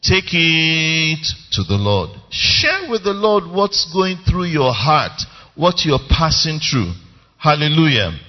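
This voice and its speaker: Man, pastor; unhurried, highly animated sermon delivery in a reverberant, lo-fi hall. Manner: emphatic, calls for congregation response. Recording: reverberant lo-fi church recording.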